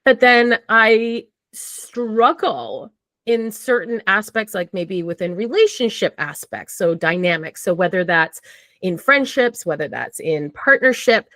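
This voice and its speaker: A woman's voice: medium pitch, lively intonation, a little slow, a bit bright, no room sound. A woman talking candidly and casually as a podcast guest, swearing freely and acting out her own thoughts. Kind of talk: casual conversation.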